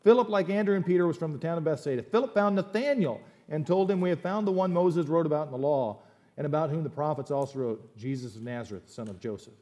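Between readings of scripture, this preacher drops in quick, opinionated asides and emphatic remarks. He is a man with a mellow, fairly high voice, and his sermon feels animated and chatty rather than formal.

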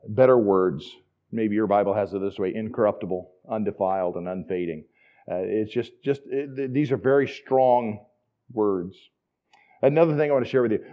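A man's voice: medium pitch, muffled recording. Chatty man preaching a sermon. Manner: conversational, enthusiastic teaching with asides. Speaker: pastor.

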